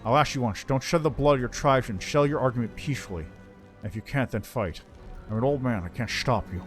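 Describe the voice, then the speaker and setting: A man's voice: mid-range voice, fast, faint music behind, natural voice. A man voicing a weary old tribal chief who speaks grimly and with resignation. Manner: grim, resigned.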